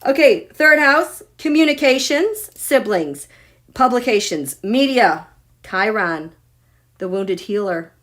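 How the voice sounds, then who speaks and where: A middle-aged woman hosting a live astrology reading, excitable and gushing, swinging from loud exclaiming to near whispers. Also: on the high side, takes it slowly. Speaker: astrology and tarot livestream host.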